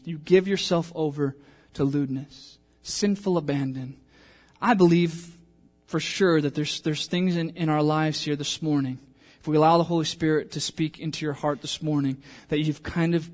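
A man preaching a sermon in church with a fairly high, light voice. He speaks earnestly, voicing the thoughts of his listeners as he goes. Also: steady tone, normal speed, a little mellow. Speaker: pastor.

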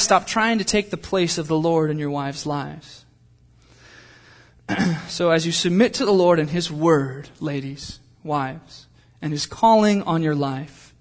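Man, young adult, pastor, casual sermon, higher voice, chatty asides. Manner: conversational, with asides and jokes.

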